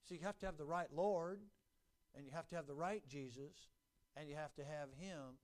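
A man preaching a sermon, emphatic and repetitive, building to loud peaks. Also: a little high, normal speed.

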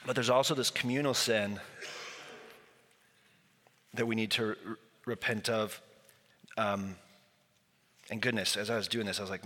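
Male pastor, conversational storyteller, bright tone, echoing church hall. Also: fairly low pitch, steady tone, a little slow, long pauses. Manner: conversational, storytelling with acted quotes. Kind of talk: sermon. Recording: long hall reverb.

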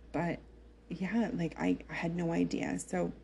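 Young woman, chatty personal storyteller, dark mellow tone, faint room noise underneath. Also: lowish voice, flat delivery, slow, creaky. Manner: chatty, filler-heavy, emotional retelling. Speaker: mother telling her birth story.

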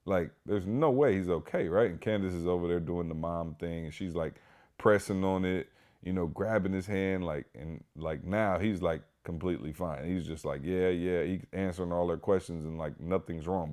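A man hosting a podcast, telling a story in a casual, animated way, emphatic and full of "like" and "y'all". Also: deep voice, normal speed. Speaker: podcast host.

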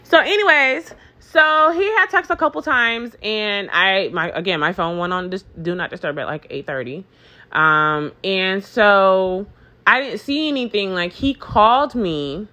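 A woman tells a storytime in a casual chat, her mid-range voice at a measured pace. The story rambles, is filled with profanity and fillers, and she animatedly acts out both sides of the conversation.

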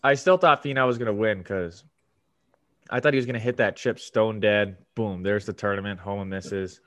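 A man co-hosting a casual sports podcast, easygoing and given to drawn-out retelling. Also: lowish voice, a bit bright. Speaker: podcast co-host. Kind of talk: casual chat.

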